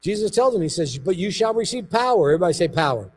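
A man, a pastor, preaching a sermon in a church, telling stories with lively emphasis and repeated phrases. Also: high voice, fast talker. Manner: animated storytelling with emphatic repetition.

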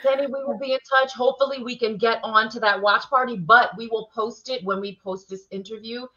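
A woman's voice: on the high side, fairly even intonation, fairly quick, sharp tone, lo-fi sound. A woman hosting an online interview show, effusive and enthusiastic, laughing often. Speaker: talk show host.

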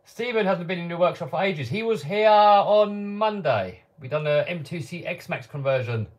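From his home workshop, a man hosts a casual live-stream Q&A, reading viewer questions from the live chat and answering them offhand with the occasional chuckle. His voice sits high and sounds animated, and he talks at normal speed.

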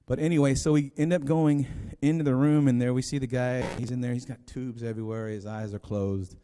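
Pastor guy preaching, chatty and rambly, mellow voice, big echoey church hall. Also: mid-range voice, fairly even intonation, fairly quick, hardly any pauses, slight background noise. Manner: rambling, conversational, with many restarts. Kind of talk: sermon storytelling. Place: church sanctuary. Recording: long hall reverb.

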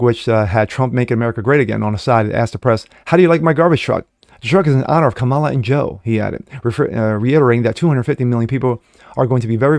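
A man's voice: medium pitch, a little mellow, dry recording. Man mocking the news in a dry voice. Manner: mocking asides, frequent fillers and self-corrections. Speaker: online political commentator. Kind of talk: reading news with personal commentary.

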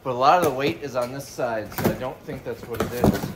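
A man's voice: mid-range voice, fairly quick, very noisy. A man giving casual, joking commentary while unboxing items for resale, thinking aloud as he goes. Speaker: reseller vlogger.

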